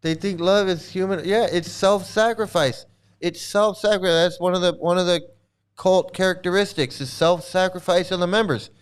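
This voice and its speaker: High, smooth-voiced man ranting emphatically. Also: steady tone, normal speed. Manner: emphatic, repeats himself, sarcastic. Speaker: host. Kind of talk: casual monologue.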